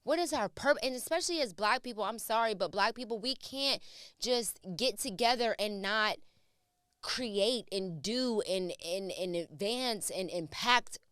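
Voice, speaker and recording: A woman's voice: mid-range voice, a little slow, fairly bright tone, clean tone, dry recording. A woman co-hosting a podcast in a studio, talking in casual chat and firing off emphatic, repeated questions. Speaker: podcast co-host. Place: podcast studio under hot lights.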